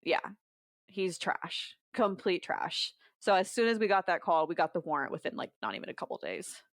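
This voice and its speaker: Young woman guest, brisk storyteller, close dry mic. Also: fairly low pitch, animated, no echo. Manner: fast storytelling, quoting others in dialogue. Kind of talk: podcast conversation.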